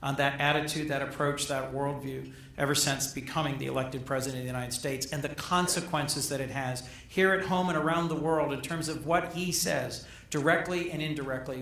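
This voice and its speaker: A middle-aged man, a senator, giving a formal speech at a gala, measured and emphatic, often repeating phrases for weight. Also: on the high side, fairly bright tone. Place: large banquet hall. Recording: echoey hall, captured from a distance.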